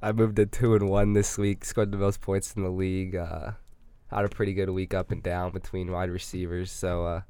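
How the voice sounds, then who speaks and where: A young man co-hosting a casual sports podcast, relaxed and quick to laugh. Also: low-pitched, clean tone, no echo. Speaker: podcast co-host.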